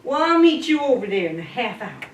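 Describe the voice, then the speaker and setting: A woman's voice: on the high side, very animated, brisk. Woman doing sneaky sassy rabbit. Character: sneaky clever male rabbit, cocky. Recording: echoey room, distant mic, faint hiss.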